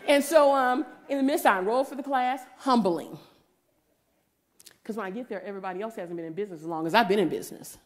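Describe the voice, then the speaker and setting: A woman, giving a preaching testimony and acting out the voices in her story, sometimes rising to a shout. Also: mid-range voice, fast. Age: 40s.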